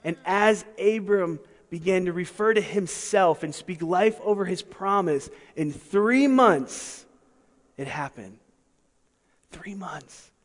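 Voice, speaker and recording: Male pastor, higher register, emphatic sermon delivery with rhetorical asides; long reverb of a large hall. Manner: emphatic, rhetorical questions, swings between soft and loud.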